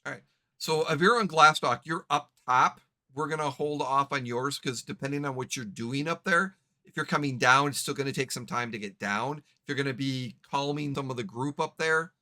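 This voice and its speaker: A man running a tabletop game as game master, giving rulings in a halting, self-correcting way. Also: mid-range voice, pushed and bright.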